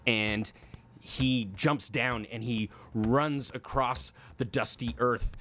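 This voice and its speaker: A man's voice: medium pitch, steady tone, bright, forceful tone, slight background noise. Man narrating a tabletop adventure. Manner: vivid descriptive storytelling, quick bursts. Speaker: game master.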